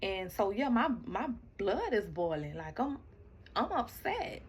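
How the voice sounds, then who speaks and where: A woman casually telling a personal story straight to her listeners, animated, acting out the quoted lines and often repeating words as she goes. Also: mid-range voice, measured pace, a little hiss or hum. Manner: talks straight to the audience, repeats and restarts words.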